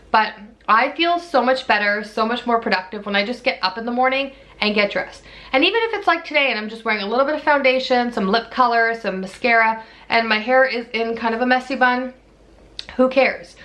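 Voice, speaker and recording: A woman's voice: fairly high pitch, sharp tone. A young woman vlogging about her pregnancy in a chatty, candid way, a little out of breath as she talks. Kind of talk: casual pregnancy update vlog.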